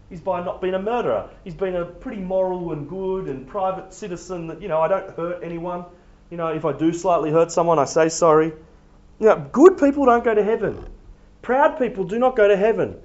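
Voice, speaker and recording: A man preaching a sermon in an emphatic, conversational way. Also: sits high. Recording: echoey, dull room recording.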